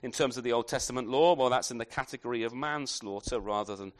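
A man preaching an expository sermon in a conversational way, often ending points with tag questions and restarting his sentences. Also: medium pitch. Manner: halting restarts, repeated words.

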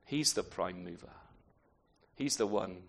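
A man's voice: low-pitched, lively intonation, measured pace, gravelly. A man preaching a sermon in an unscripted way, often restarting phrases and asking rhetorical questions.

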